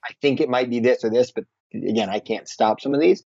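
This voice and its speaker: A quick-talking man with a dark, mellow voice tells animated stories as a podcast guest, slipping into the voices of the people he quotes. The sound is dry and a little dull and lo-fi. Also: mid-range voice, breathy edge, no room sound. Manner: animated, acts out dialogue in anecdotes. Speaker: podcast guest, franchise owner. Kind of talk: casual interview storytelling.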